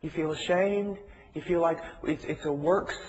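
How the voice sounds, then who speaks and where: A man's voice: on the high side, normal speed, slight background noise. A man preaching a sermon in an earnest, repetitive way. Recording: dull lo-fi recording.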